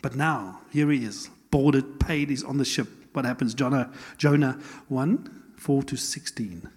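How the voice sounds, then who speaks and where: A man preaching a sermon as pastor, chatty and animated, with laughing asides and quick rhetorical questions. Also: medium pitch, breathy edge. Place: church hall. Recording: long church hall reverb.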